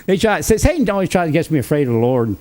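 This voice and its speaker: Alone on his livestream, a man with a slightly high but darkish-toned voice rambles on, frequently breaking into chuckles between ideas.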